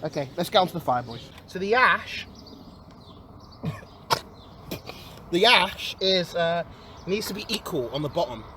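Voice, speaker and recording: A young man chats excitably through an outdoor vlog, calling out to his viewers as boys. His pitch jumps around a lot, from low mutters to loud yells. A faint hiss sits under his voice from the camera mic. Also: measured pace, long pauses. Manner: excitable, keeps addressing viewers as boys, swings from mumbling to yelling. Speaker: streamer. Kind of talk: casual vlog narration. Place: outdoor garden.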